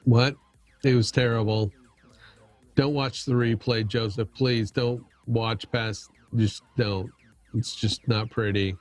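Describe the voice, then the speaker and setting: A man's voice: medium pitch, steady tone, slow, faint music behind. A middle-aged man hosting a casual livestream chat, rambling and poking fun at himself, with lots of restarts. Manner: rambling, self-deprecating, many restarts. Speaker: livestream host.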